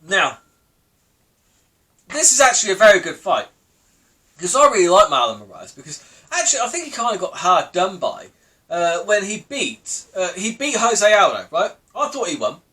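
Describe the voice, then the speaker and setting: A young man talks through the week's news in a loose, rambling way. His voice sits high for a man, and he laughs and swears as he goes. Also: very animated, moderate pace, pushed and bright. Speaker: podcast host. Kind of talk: casual solo commentary.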